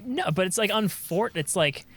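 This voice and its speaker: A man's voice: sits high, moderate pace, slight background noise. A man co-hosting a podcast, talking casually and rambling with lots of fillers and restarts. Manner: rambling, many likes and restarts, animated. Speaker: podcast co-host. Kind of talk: casual chat.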